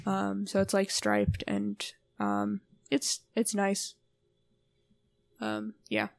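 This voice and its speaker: A young woman co-hosting a podcast, chatting casually and softly with lots of fillers. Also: mid-range voice, very animated, very slow, vocal fry, dry recording. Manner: rambling, filler-heavy, soft-spoken. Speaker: podcast co-host. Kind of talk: casual chat.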